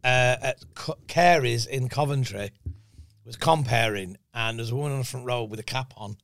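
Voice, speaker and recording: A man, a comedian guest telling animated stories and laughing a lot. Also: medium pitch, moderate pace, creaky, no room sound, clean studio sound. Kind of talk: casual comedy podcast chat.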